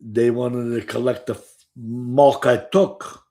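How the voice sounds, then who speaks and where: Older guy, gravelly low voice, slow rambling story, swears a lot. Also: fairly even intonation, mellow. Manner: rambling, profane, full of "you know". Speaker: former gambler recounting his past. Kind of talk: casual storytelling.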